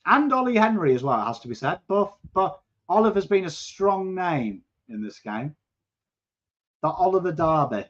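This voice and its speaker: English man hosting a live sports watchalong: coarse voice, fairly high, excitable, swears a lot, dull lo-fi audio. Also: normal speed. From England. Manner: chatty, excitable, swears, bursts into shouts at play. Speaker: watchalong host. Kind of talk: live football watchalong chat, reading viewer comments.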